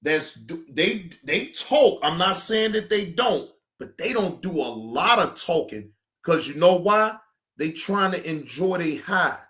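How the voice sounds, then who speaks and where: A man's voice: on the high side, very animated, measured pace, bright, forceful tone. A middle-aged man hosting a stream, ranting casually in a drawling, profane, emphatic way. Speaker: streamer host. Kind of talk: casual live-stream rant.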